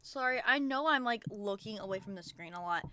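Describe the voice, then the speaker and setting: A woman's voice: mid-range voice, expressive, fairly quick, sharp tone. A young woman streaming from home, venting and rambling with lots of profanity in casual chat.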